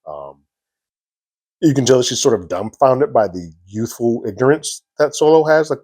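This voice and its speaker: A man's voice: mid-range voice, expressive, moderate pace, darkish tone, husky, no echo. A man hosting a TV episode review, recapping scenes in a casual, conversational way with lots of fillers.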